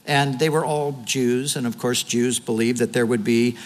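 A man's voice: medium pitch, steady tone, normal speed, long reverb tail. A man preaching a sermon, earnestly retelling scripture with quoted dialogue. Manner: closing in prayer. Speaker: pastor.

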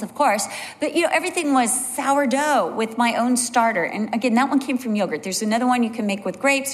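A woman Bible teacher preaching a sermon in an animated way, leaping up into high exclamations when she acts out what people say. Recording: long hall reverb.

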